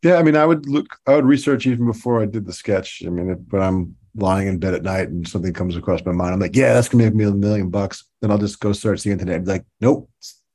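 A man as a podcast guest, telling stories in a relaxed way with laughs and fillers. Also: sits low, quick pace, few pauses, husky. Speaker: podcast guest, toy designer. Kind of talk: casual interview.

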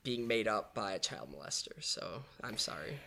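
A man's voice: on the low side, animated, normal speed, gravelly, sharp tone. A man co-hosting a podcast, telling and reading a story earnestly with some hesitant fillers. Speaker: podcast co-host. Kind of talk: casual chat and reading aloud.

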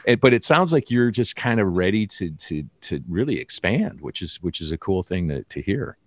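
Male podcast host, very low voice, dry close sound. Rambling, halting delivery. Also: very animated, no room sound. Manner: rambling, halting, many restarts. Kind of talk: casual interview chat.

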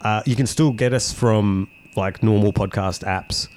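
A man's voice: lowish voice, a little slow, a little mellow. A man co-hosting a podcast, talking in a casual, rambling way. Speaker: podcast co-host. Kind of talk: casual chat.

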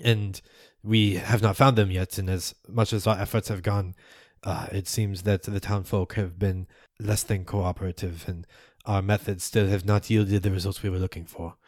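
A stammering, deferential cult underling, voiced by a man running the game, fumbles to explain himself to his lord. His voice is fairly low, and the sound is close and dry. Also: flat delivery, normal speed, hardly any pauses, darkish tone, dry recording. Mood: anxious. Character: nervous cloaked male cult underling.

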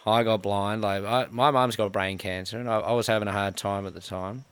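Australian bloke in his 30s, lowish voice, swears freely, mocks himself, animated yarn-spinner. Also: fairly quick, clear, resonant tone, no room sound. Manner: profane, self-mocking, animated storyteller. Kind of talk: casual storytelling.

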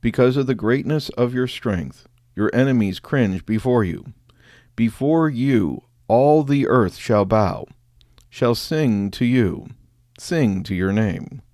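A man leading chanted liturgical prayers, with a measured cadence that drops at the end of each phrase. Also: medium pitch, lively intonation, dark tone, dry recording, clean studio sound. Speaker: prayer leader.

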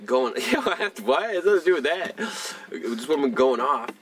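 Young male podcast co-host, casual and profane, lively rambling delivery, faint noise behind. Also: medium pitch, a little fast, distant mic. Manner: rambling, profane, animated storytelling. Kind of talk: casual chat.

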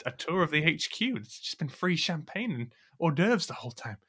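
A man performing improvised audio comedy, breezy and stammering, easily excited. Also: on the high side, brisk, husky.

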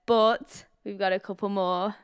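A woman's voice: mid-range voice, fairly even intonation, measured pace, smooth, no room sound, clean studio sound. Giggly, teasing woman podcast co-host. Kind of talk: casual chat.

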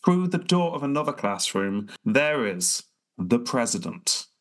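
A man's voice: medium pitch, sing-song, a little slow, a little hiss or hum. A man co-hosting a casual podcast, joking, laughing and telling a scene as a story. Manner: jokey, storytelling, laughs often. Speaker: podcast co-host. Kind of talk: casual chat.

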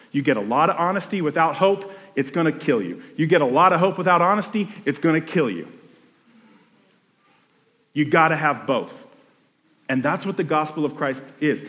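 A man preaches a sermon in a relaxed, conversational way, stumbling over restarts and slipping into little acted-out voices of people talking to themselves. His voice sits a touch high for a man, and a long reverb trails behind every phrase, as if he is in a large hall. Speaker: pastor.

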